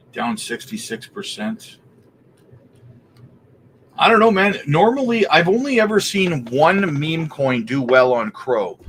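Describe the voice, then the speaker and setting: A Canadian man with a mid-range voice hosts a casual crypto livestream, and there's a little hiss or hum in the recording. Relaxed, he reads out viewer questions and thinks out loud as he looks into them.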